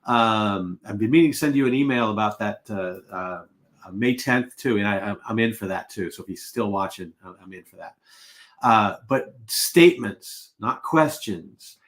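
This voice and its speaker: A man's voice: fairly low pitch, normal speed, fairly bright tone. A middle-aged man coaching salespeople on a live webinar, casual and full of anecdotes, acting out the exchanges he quotes.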